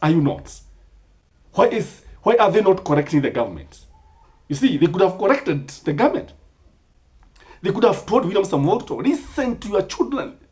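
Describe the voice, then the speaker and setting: Kenyan man, impassioned commentator, slightly high voice, rhetorical questions. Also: big pitch swings, normal speed, pauses often, darkish tone. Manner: rhetorical questions, emphatic, mixes in Swahili sayings.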